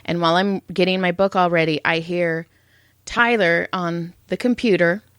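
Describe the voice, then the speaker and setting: A woman's voice: on the low side, moderate pace, smooth, dry recording, studio quality. A middle-aged woman co-hosting a podcast, telling stories in casual chat and acting out what people said. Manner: animated storytelling, acts out quotes. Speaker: podcast co-host.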